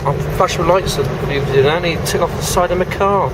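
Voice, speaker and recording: A man's voice: mid-range voice, moderate pace, hardly any pauses. A man giving a casual, teasing commentary while driving, repeating silly catchphrases from inside a moving car. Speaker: vlogger filming a drive. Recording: loud road and engine noise.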